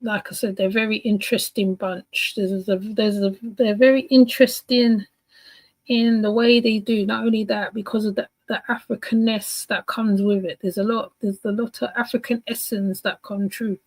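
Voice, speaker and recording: A woman's voice: mid-range voice, fairly even intonation, moderate pace, darkish tone, dry recording, rough recording. Chatty woman with a dry close voice. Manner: rambling, chatty, many fillers and restarts. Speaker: commentator reacting to a clip. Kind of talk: casual reaction commentary.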